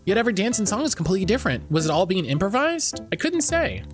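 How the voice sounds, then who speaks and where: A man's voice: sits high, sing-song, fast talker, faint music behind. A man voicing a formal, fussy tea shop manager who speaks of himself in the third person.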